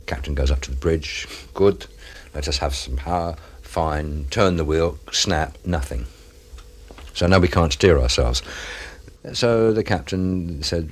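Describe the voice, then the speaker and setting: A man who served on an offshore radio ship tells, in an interview, a wry tale of events at sea, with quick asides. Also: sits low. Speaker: former crew member of an offshore radio ship. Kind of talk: reminiscing in an interview.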